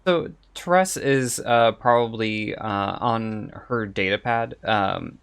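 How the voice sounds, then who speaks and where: A game master narrating a tabletop game and prompting the players in a relaxed way. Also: medium pitch, takes it slowly, clear, resonant tone.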